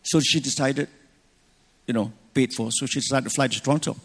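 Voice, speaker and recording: A middle-aged man with a husky, slightly breathy voice gives a sermon. He tells a personal story with lively, restarting phrasing. His words carry a long echo through a large church hall. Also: medium pitch, fairly quick. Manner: animated, personal anecdotes with restarts. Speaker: pastor.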